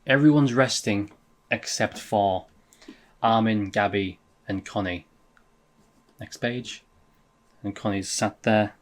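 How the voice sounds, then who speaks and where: Excitable swearing manga reaction guy. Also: slow, long pauses. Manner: reads manga dialogue aloud, swears and laughs often; gets excited and higher when amused. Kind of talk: casual reading and reaction.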